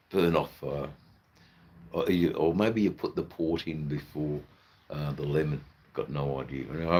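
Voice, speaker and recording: A man's voice: sits low, slight background noise. A man with an Australian accent chatting loosely to his live chat, rambling, swearing and filling gaps with ums and uhs. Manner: rambling, loose and profane, full of fillers. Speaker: livestreamer. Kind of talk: casual live-stream chat.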